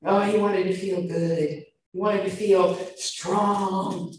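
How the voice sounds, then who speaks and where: A woman preaching a sermon, animated, shifting between loud and soft emphasis. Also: mid-range voice, slow, a little hiss or hum. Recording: echoey room, mic far off.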